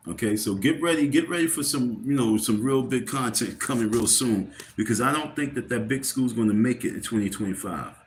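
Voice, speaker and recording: A man's voice: medium pitch, a little fast, few pauses. A man on a casual livestream, tired and irritated, rambling and repeating himself as he talks to his viewers. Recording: roomy with faint background noise.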